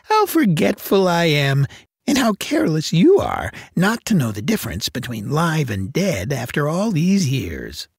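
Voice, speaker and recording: A man's voice: fairly high pitch, wildly swooping pitch, measured pace, gravelly, slightly rough, no room sound, clean studio sound, full character voice. A man voicing a fussy giant's wife who chides her husband in a sing-song way, in a storybook reading. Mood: scolding. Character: fussy, scolding giant's wife, middle-aged.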